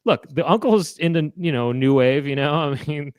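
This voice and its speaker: A man's voice: fairly high pitch, animated, normal speed, clear, resonant tone, dry recording. Playful man co-hosting a comedy chat. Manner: playful, slips into mock voices. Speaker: co-host.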